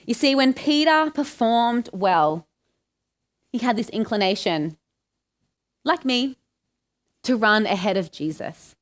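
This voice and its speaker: A woman's voice: fairly high pitch, animated, slow pace, pauses often. An Australian woman giving a conversational sermon, asking her listeners questions and acting out the lines she quotes. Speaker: preacher.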